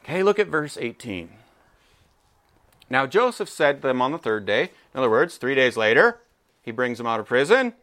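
A pastor preaches a sermon at a moderate pace in a medium-pitched voice. He reads scripture expressively, acting out the voices of the brothers with feeling.

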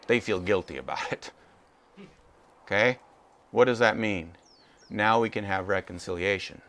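A man's voice: fairly low pitch, a little slow, pauses often. A man preaching a sermon, reading scripture and acting out the voices of its people with feeling. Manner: expressive, acts out voices of the brothers. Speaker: pastor.

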